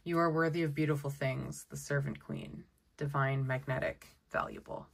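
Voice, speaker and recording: A woman giving a casual tarot deck walkthrough, chatty and excitable, often exclaiming over the cards. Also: deep voice, normal speed, vocal fry, slight background noise. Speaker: tarot content creator.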